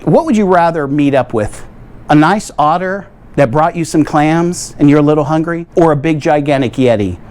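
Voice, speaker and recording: A man's voice: a little high, moderate pace, a little mellow. American man joking through a review. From United States. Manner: tongue-in-cheek, rambling, keeps asking viewers "okay?". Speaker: video host reviewing coolers. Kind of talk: joking product review vlog. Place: home garage.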